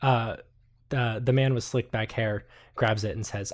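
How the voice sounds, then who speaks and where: A man's voice: fairly low pitch, fairly even intonation, a little slow. Hesitant man narrating as game master.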